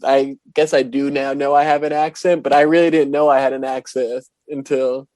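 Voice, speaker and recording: A man with a New Jersey accent, a guest on a podcast, chatting easily with quick laughs and filler words. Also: mid-range voice, flat delivery, darkish tone, dry recording. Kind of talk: casual podcast chat.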